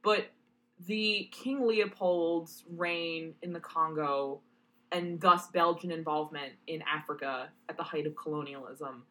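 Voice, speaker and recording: A woman co-hosting a casual fan podcast, animated and swearing freely, who often loses her train of thought. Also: low voice, a little slow, low-quality recording. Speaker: podcast co-host.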